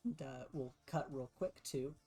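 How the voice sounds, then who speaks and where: A woman running a tabletop game in a low voice, narrating casually with plenty of fillers. Faint music plays underneath. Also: unhurried, warm tone, slightly rough. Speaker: game master.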